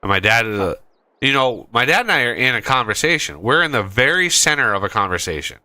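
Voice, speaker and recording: A man's voice: mid-range voice, very animated, quick pace, bright, forceful tone, no room sound. A man hosting a gaming channel, chatting casually while he plays and telling a rambling story full of restarts. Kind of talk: casual chat while playing a game.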